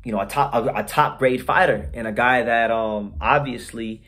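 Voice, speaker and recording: A man's voice: medium pitch, moderate pace, fairly bright tone. A man hosting a boxing channel, giving casual, opinionated commentary to his viewers in a slangy, blunt way, often repeating and restarting words.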